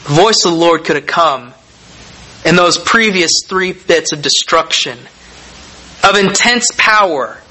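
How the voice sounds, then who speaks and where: A man delivering a sermon in a bright, forceful voice pitched slightly high. He reads scripture and expounds on it with measured, deliberate phrasing and emphatic pauses, over a faint hiss in the background. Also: lively intonation, low-quality recording. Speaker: preacher.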